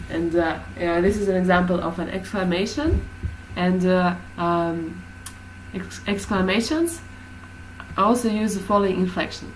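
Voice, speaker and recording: A woman's voice: on the low side, a little hiss or hum, rough recording. A woman teaching a class, explaining hesitantly with many fillers.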